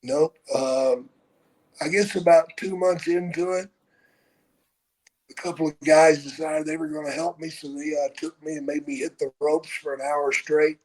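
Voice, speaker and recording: A man in his sixties telling stories from his own life on a podcast, unhurried and swearing freely. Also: fairly high pitch, fairly even intonation, darkish tone, low-quality recording. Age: 60s. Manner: profane, unhurried storyteller. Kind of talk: casual storytelling.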